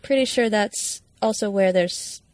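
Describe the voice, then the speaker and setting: A woman co-hosting a podcast, chatting casually with quick asides. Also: mid-range voice, a little mellow, dry recording. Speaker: podcast co-host.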